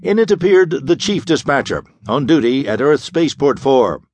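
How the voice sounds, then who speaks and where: Man, audiobook narrator, pulp sci-fi, dramatic, animated pitch, dry studio sound. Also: moderate pace, dry recording. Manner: dramatic, vivid storytelling.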